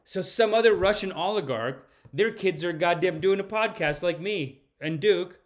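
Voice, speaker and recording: A man's voice: high-pitched, moderate pace. A man hosting a podcast, reacting to clips in a casual, joking, profane way. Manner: joking, profane, laughing often. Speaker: podcast host.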